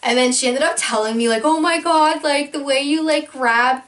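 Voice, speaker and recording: A young woman telling a casual storytime vlog, full of likes and ums, jumping into high voices when she acts out quotes. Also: normal speed, fairly bright tone. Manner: filler-heavy, many likes and ums.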